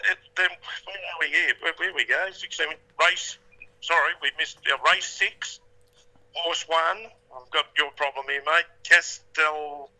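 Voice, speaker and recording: Aussie bloke, high-ish, sharp bright tone, rambling mateship. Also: male voice, a little slow, rough recording. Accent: Australian. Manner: matey, rambling, says mate constantly. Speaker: co-host giving racing tips. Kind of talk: casual call-in chat.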